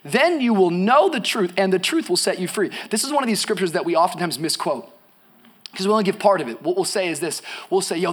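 A young male preacher delivering an energetic sermon, dropping to hushed storytelling and rising to shouted emphasis, with casual slangy asides. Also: sits high.

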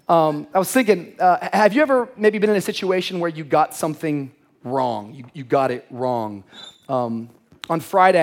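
A young man preaching a lively sermon to a church crowd, telling a funny story and acting out shouted lines. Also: mid-range voice. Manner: lively, animated, acts out shouted quotes. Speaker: pastor. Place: large church auditorium.

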